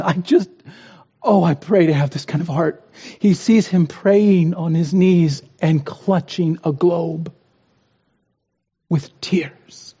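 A man with a high, mellow voice preaches a sermon with earnest conviction, his voice swelling at times into impassioned pleas. The sound is dull and lo-fi, with a long reverb trailing through a large hall. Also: slightly rough.

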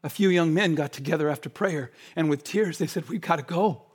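A man preaching a sermon, shifting between fervent, shouted appeals and quiet, hushed stretches. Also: fairly high pitch, brisk. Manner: impassioned, swings from shouting to hushed.

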